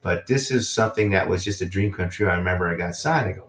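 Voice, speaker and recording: A man's voice: low-pitched, fast talker, hardly any pauses, a bit bright, echoey room, rough recording. A man who is a guest musician, chatting casually in an interview over a video call, rambling with lots of fillers.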